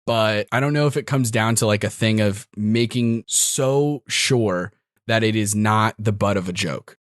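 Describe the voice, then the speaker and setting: A man's voice: on the low side, measured pace, no echo, clean studio sound. A man, a podcast guest who runs tabletop games, chatting casually and thinking aloud with lots of fillers. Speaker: podcast guest and dungeon master. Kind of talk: casual chat.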